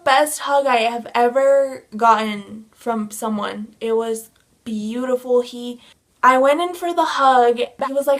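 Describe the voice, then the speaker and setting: Young woman vlogger, excitable storyteller, a little high-pitched, casual chat. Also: unhurried. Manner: gushing, excitable fangirl storytelling.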